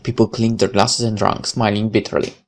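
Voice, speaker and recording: A man's voice: on the low side, level tone, fairly quick, soft background music. A man reading a visual novel aloud as narrator, with occasional casual asides.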